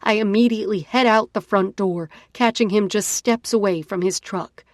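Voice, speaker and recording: A woman narrating a first-person romance audiobook in an expressive, dramatic way. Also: mid-range voice, normal speed, no echo, studio quality.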